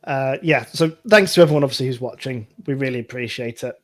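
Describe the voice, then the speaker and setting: A man's voice: mid-range voice, a bit bright. A man co-hosting a casual gaming show, talking in a hesitant way with repeated words and frequent laughter. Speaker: co-host.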